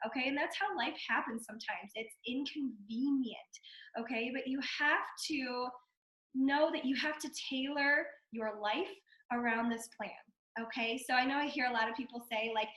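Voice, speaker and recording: A woman in her thirties, hoarse from a cold, giving a chatty motivational fitness talk full of "like" and "okay". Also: sits high, normal speed, fairly bright tone. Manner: chatty, fillers and repeated okay. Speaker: fitness coach guest. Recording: echoey room.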